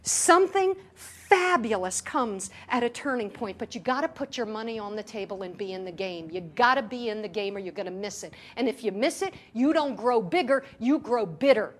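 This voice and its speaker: A high-voiced woman preaching to a gathered room. She drives her points home with repetition and rhetorical questions and breaks them up with jokes. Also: lively intonation, normal speed, few pauses. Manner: laughs and jokes between points. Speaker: spiritual teacher. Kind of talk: sermon to a live gathering. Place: meeting room in New York.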